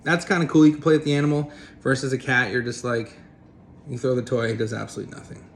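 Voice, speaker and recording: A man's voice: mid-range voice, level tone, quick pace. A man giving a casual, rambling opinion rant as a vlogger, blunt and swearing freely.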